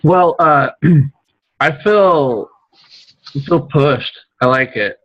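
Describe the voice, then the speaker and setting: Hesitant, slow-talking man on a call. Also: on the high side, dry recording. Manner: hesitant, halting, many fillers. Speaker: group member on a call. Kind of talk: casual sharing. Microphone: video call. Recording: dry, dull lo-fi call audio.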